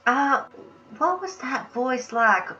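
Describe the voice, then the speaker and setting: A woman host with a bright, somewhat high voice asks playful, leading questions at an unhurried pace. The recording is a little dull, with faint music under it. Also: lively intonation. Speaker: show host, interviewer. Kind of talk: casual interview.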